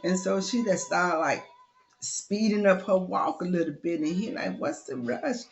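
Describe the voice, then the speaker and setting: A woman's voice: lowish voice, moderate pace, faint music behind. A woman telling a story in a loose, chatty way, full of "you know" and asides. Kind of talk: casual oral storytelling.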